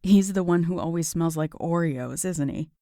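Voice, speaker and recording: A woman voicing a poised, friendly young divorced woman in a romance audiobook, polite and soft-spoken. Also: fairly low pitch, normal speed, no room sound, studio quality, natural voice.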